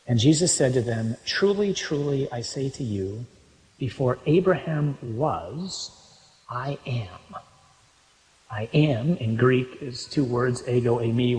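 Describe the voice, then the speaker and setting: A man preaching a sermon, reading scripture aloud and explaining it, moving between quiet reading and loud emphasis. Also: mid-range voice, slight background noise. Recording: long reverb from a large hall.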